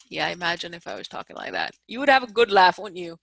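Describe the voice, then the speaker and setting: A woman's voice: fairly low pitch, big pitch swings, quick pace, creaky, few pauses, fairly bright tone, no room sound. A woman from India teaching an online lecture over a video call, explaining step by step, repeating key terms and checking that her students follow.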